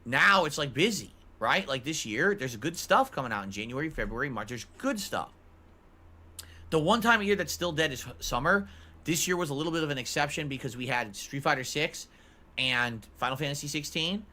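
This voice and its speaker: A man's voice: a little high, lively intonation, a little fast, bright, forceful tone. A man chatting casually on a stream, answering chat messages in a musing, talkative way.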